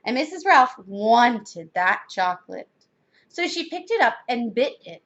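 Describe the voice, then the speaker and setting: A woman's voice: fairly high pitch, big pitch swings, unhurried, a bit bright, muffled recording. A woman reading a children's storybook aloud expressively. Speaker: reader.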